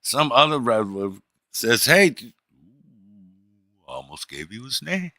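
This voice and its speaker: A middle-aged man streaming, telling a story in a profane, animated way and acting out the people in it. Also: medium pitch, normal speed, no echo, studio quality. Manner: profane, animated, acts out the people in his stories. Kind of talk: casual storytelling.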